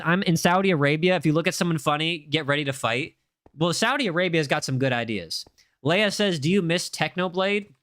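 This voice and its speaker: Bright-voiced streamer guy. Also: fairly high pitch, no room sound. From United States. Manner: reads chat aloud, jokey and rambling. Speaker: game streamer. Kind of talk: casual live-stream chat while gaming.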